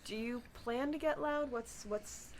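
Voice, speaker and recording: A woman running a tabletop game, briskly directing the players. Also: sits high, background noise. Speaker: game master.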